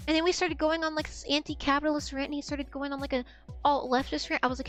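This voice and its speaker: A woman in her twenties talks to her stream chat in a loose, rambling way, swearing freely and laughing as she drifts off track. Her voice sits high. Faint music plays underneath. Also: level tone, quick pace, a bit bright. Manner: rambling, profane, loses her train of thought; laughs often.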